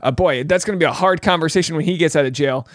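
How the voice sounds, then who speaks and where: Joking man with a bright voice. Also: on the high side, no echo, studio quality. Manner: jokey, rambling, does quick mock voices for quotes. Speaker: podcast host recapping a reality show. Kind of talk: comedic show recap.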